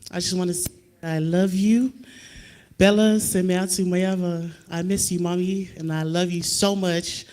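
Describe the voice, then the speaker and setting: A man giving a Mother's Day tribute at church, hesitant and pausing often. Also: high voice, fairly even intonation, darkish tone. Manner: hesitant, with frequent pauses.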